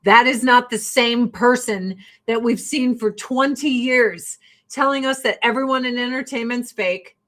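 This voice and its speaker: Hosting a relaxed get-ready-with-me vlog, this rural Illinois woman is blunt and chatty, curses freely, and laughs a lot. She speaks unhurriedly in a slightly high, somewhat bright voice.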